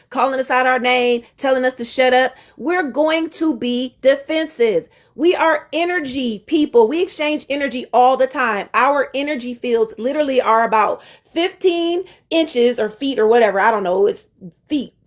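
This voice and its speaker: High-voiced woman preaching to live viewers. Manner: preachy, emphatic, talks straight to her viewers; casual slang, greets viewers by name. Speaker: relationship coach live-streamer. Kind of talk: live-stream relationship talk to viewers.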